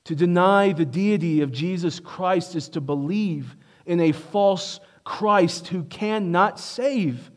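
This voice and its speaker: A male pastor preaching a sermon, emphatic, rising to stress key points and dropping low and quiet for asides. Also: slow, hardly any pauses.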